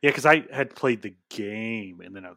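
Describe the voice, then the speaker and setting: Male co-host, low voice, relaxed and easygoing, dry sound. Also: no room sound. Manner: relaxed, agreeable, quick backchannels. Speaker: podcast co-host. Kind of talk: casual chat.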